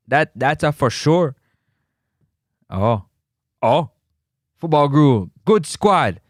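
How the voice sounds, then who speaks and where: A Jamaican man hosts a casual football talk show, teasing and lively and sliding into patois. His voice sits a little high for a man. The sound is dry and close. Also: unhurried, dry recording. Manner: animated, teasing, slips into patois. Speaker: sports talk host.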